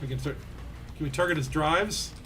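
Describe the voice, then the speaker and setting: A young man giving animated gameplay commentary as a streamer, yelling when things get exciting. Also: on the high side, moderate pace, faint music behind. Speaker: game streamer.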